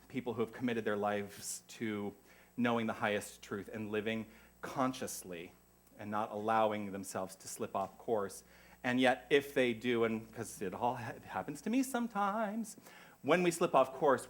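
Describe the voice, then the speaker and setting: A man from the United States welcoming a congregation as minister, chatty and effusive with rambling asides. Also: lowish voice. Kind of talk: church service welcome.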